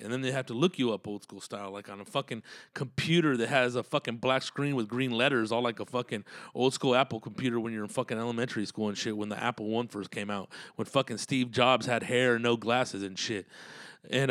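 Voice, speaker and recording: A man's voice: medium pitch, fairly bright tone, dry recording, studio quality. A man telling road stories in a casual, profane, rambling monologue and laughing often.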